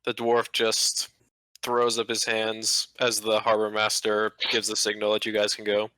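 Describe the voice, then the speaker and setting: Bright-voiced man narrating a tabletop game. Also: lowish voice, completely flat delivery, a little slow, no echo, low-quality recording. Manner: loose, rambling narration with fillers. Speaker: game master.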